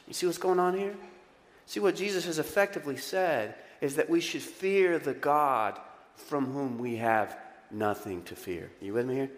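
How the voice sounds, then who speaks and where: A male pastor preaching a lively, conversational sermon and often putting questions to the congregation. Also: on the high side, normal speed, in a large hall. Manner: animated, conversational, asks the crowd questions.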